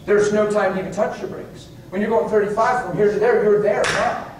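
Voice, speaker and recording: A man's voice: fairly quick, noisy background. Echoey, distant man preaching. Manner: animated storytelling, swinging from hushed asides to high exclamations. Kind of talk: sermon with personal stories. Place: church meeting hall. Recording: very echoey hall, voice from far off.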